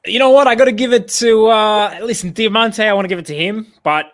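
A man on a sports panel, chatting in a lively, joking way. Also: sits high, a little fast. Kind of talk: casual panel chat.

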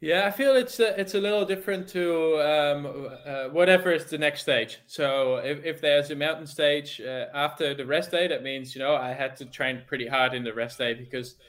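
Dutch man, halting casual talk. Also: a little high, fairly bright tone. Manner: halting, many restarts and fillers. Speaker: cycling team staff, former pro rider. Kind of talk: casual podcast chat.

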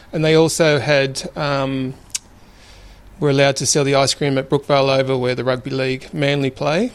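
A man in his fifties with an Australian accent, telling family stories in a relaxed, rambling way with many fillers. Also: a little high, vocal fry. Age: 50s. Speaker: interviewee. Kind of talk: relaxed storytelling.

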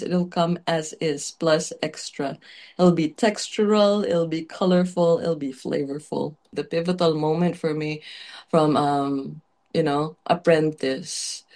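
Candid woman chef, low voice, casual fillers. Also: a little mellow. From Filipino heritage. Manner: candid, emotional, frequent "like" and "um" fillers. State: tearful at times. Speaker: chef, interview guest. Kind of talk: casual interview storytelling.

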